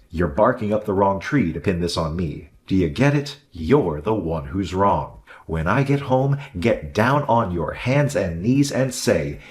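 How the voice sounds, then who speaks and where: A self-centered, condescending husband, voiced by a man. His voice sits very low but swings widely in pitch as he scolds and dismisses. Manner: dismissive and condescending, later whiny. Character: selfish husband, adult man, arrogant and blaming. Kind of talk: narrated drama story dialogue.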